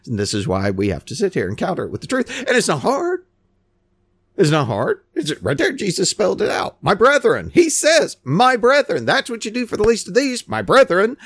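Animated man preaching a scornful sermon. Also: a little high, no echo. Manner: animated, scornful preaching with mocking quoted voices.

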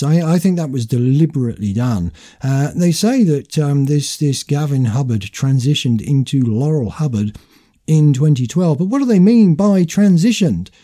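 Male host, opinionated commentary, higher pitch, very mellow timbre. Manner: argumentative, asks rhetorical questions.

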